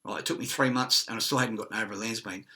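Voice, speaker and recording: Ranting Australian man with a bright, cutting voice, swearing through a rambling monologue. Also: fairly low pitch, steady tone, rapid-fire. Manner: agitated, profane, conspiratorial ranting.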